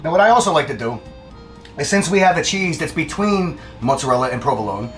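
A man's voice: on the high side, animated, a little fast, fairly bright tone, faint music behind. A man demonstrating a recipe in a kitchen, chatty and plain-spoken, and he laughs easily. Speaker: guest cook. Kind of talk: casual cooking demonstration.

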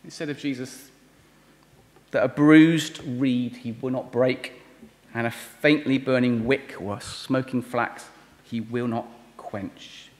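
A man's voice: medium pitch, fairly even intonation, slow pace. Earnest male preacher in a reverberant hall. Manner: earnest, pleading, drops soft on key words. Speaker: visiting preacher. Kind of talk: sermon. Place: church hall.

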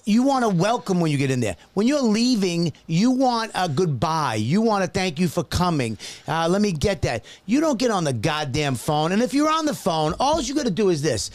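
A man in a comedy podcast, riding a lively, swinging pitch as he rants. He talks loudly and breaks into laughter often. His voice sits a little high for a man. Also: normal speed, hardly any pauses, dry recording. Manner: loud, animated ranting with bursts of laughter. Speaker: podcast co-host. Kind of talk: comedic banter.

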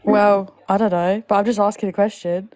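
A woman's voice: mid-range voice, flat delivery, normal speed, a little mellow. A woman calling in, blunt and teasing, pressing her point with questions. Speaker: caller. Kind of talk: casual argument.

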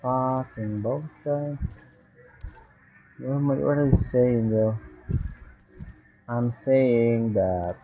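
Male gamer, slow rambling self-talk, swears freely, thin phone-line sound with faint hiss. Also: medium pitch. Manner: rambling, profane, talks to himself in mixed languages. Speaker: gamer vlogger. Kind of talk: rambling gameplay commentary.

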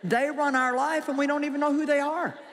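A woman's voice: high-pitched, steady tone, fairly quick, noisy background. A woman preaching a sermon to a live congregation, emphatic and joking, often quizzing her listeners. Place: large hall with an audience. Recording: long hall reverb with faint crowd.

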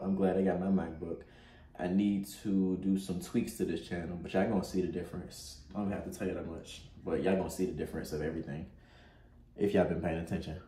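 Man, very low voice, casual tutorial host, laid-back, light background hiss. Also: dark tone, reverberant. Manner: laid-back, chatty, swears and laughs while working. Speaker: gaming channel host.

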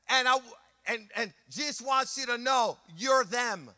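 A pastor preaching a sermon with animated delivery, dropping to quiet asides and rising to shouted passages, acting out other people's voices along the way. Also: male voice, very high-pitched, a little slow, dry recording, studio quality. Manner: acts out voices of people and scenes in his preaching.

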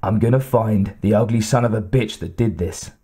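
A battered, foul-mouthed detective who has no patience for anything, gruff and clipped. A man reads him aloud in an audiobook, and the voice sits low and mellow. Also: moderate pace. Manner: gruff, curt. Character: injured tough male cop, blunt and profane.

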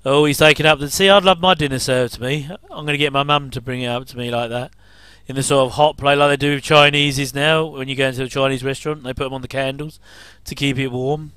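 A man talks loosely through a casual commentary, drifting between remarks and little chuckles. His voice is smooth and clear at a middling pitch. The sound is dry and close, with no room around it. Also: steady tone, fast talker, hardly any pauses, sharp tone, dry recording. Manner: rambling, chuckling asides.

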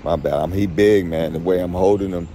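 A man's voice: sits low, fairly quick, dark tone. A man vlogging casually while traveling, talking slangy to his viewers and often repeating words. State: out of breath. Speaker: vlogger delivering a puppy. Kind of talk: casual vlog talk to camera. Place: airport and car. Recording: noisy phone recording.

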